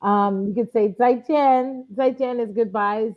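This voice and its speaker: Speaking unhurriedly, this New York woman, a Chinese tutor and guest, talks in a relaxed interview. She animatedly performs quoted lines in a raised voice, captured on muffled, dull lo-fi audio.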